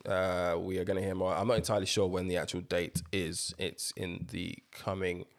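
Deep gravelly guy on a podcast, calm, keeps the chat on track. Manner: measured, steers the topic. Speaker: podcast co-host. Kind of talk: casual political chat.

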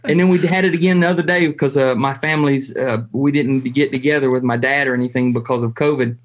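A man, a hunting show host telling stories in a folksy way, with restarts and drawn-out pauses. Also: mid-range voice, steady tone, highs cut off. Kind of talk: casual conversation.

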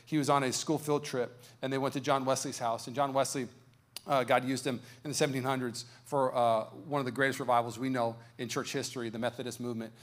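A man's voice: mid-range voice, level tone, fast talker. A man preaching a sermon as pastor, telling a story and then praying with rising fervor. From United States. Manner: storytelling, building to loud fervent prayer. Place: church sanctuary.

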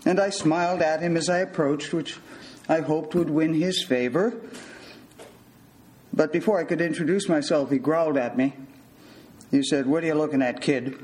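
An older man, a physician, telling a personal story from his hospital days in a measured, wry way. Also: a little high, a little mellow, rough recording.

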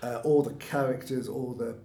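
A chatty man talks casually and pokes fun at himself, with a laugh never far away. His voice sits at an ordinary middle pitch. The room around him gives it a noticeable echo. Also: steady tone, moderate pace, creaky, dark tone. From not from Birmingham, lives there. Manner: self-deprecating, chatty, laughs often. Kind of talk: casual podcast conversation. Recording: echoey room.

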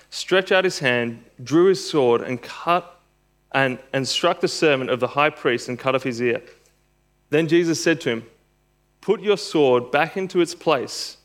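A man delivers an expository sermon, reading scripture aloud and then explaining it. His voice sits on the higher side for a man. It lifts and grows louder when he stresses a point. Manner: expository preaching, reads scripture aloud, rises in pitch for emphasis. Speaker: preacher.

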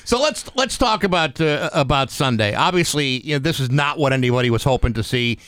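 A man's voice: mid-range voice, animated, brisk, a bit bright, smooth, dry recording. A man co-hosting a sports radio show, asking emphatic questions and often repeating his words. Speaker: radio co-host. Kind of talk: casual sports radio chat.

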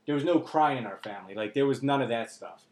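A man's voice: medium pitch, quick pace, darkish tone. A man talking candidly and emotionally on a podcast, blunt and earnest, swearing freely. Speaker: podcast co-host. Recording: roomy echo.

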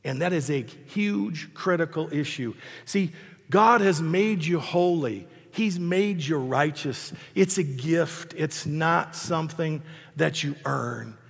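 A man's voice: on the high side, slow pace, gravelly, breathy edge. A man in his sixties, a pastor preaching a sermon in a conversational, self-deprecating storytelling way. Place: church hall. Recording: long reverb of a hall.

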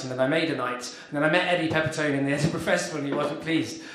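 A man who organises a comedy night, chatting casually and rambling through a story with quick laughs. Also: fairly high pitch, fairly even intonation, fairly bright tone. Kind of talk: casual chat after a set. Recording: echoey room.

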